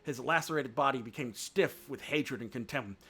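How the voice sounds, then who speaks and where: A man reading a book aloud on a live stream, with expressive pacing and dramatic pauses. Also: medium pitch, breathy edge.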